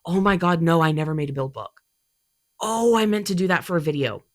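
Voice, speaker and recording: A woman's voice: on the low side, expressive, brisk, dry recording, studio quality. A young woman talking casually about her cosplay hobby, chatty and full of fillers, her voice congested from allergies. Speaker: cosplay creator. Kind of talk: casual vlog talk.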